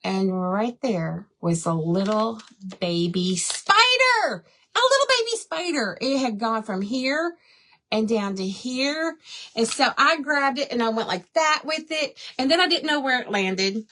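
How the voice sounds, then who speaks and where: A woman's voice: on the high side, a little slow, a bit bright. A middle-aged woman hosts a live crafting stream from home. She talks casually to her viewers as she paints, drifting into long chatty stories and calling them y'all. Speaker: crafting livestream host. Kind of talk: casual chat while painting.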